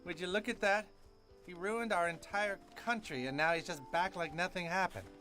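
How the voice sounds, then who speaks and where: A man's voice: high voice, moderate pace, bright, forceful tone. A man voicing a pompous, self-righteous male teacher in a cartoon, preachy and smug. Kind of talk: animated cartoon voice acting. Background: music.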